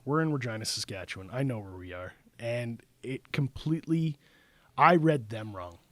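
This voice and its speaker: Dude hosting a podcast, easygoing storyteller, dry sound. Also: male voice, medium pitch, animated, normal speed, fairly bright tone, no echo. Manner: conversational storyteller. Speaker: podcast host. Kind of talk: casual podcast chat.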